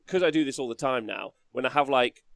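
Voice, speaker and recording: A man hosting a casual livestream podcast, chatty and quick to laugh as he reads the chat aloud. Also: mid-range voice, vocal fry, fairly bright tone, no echo, studio quality. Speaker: podcast host.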